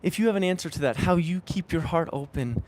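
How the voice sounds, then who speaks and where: Pedaling through the rain, a young man records a reflective spiritual vlog, speaking earnestly and repeating phrases to himself. His voice sits on the high side with a darkish tone, expressive and brisk.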